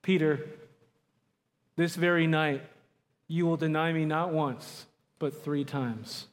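A preacher voicing a solemn man who gives a grave, foreboding warning, slow and low. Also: steady tone. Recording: long hall reverb.

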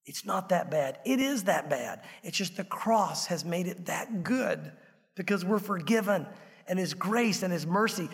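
Man, pastor, animated sermon, high voice, long reverb. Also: measured pace, vocal fry. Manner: animated preaching, acts out little scenes.

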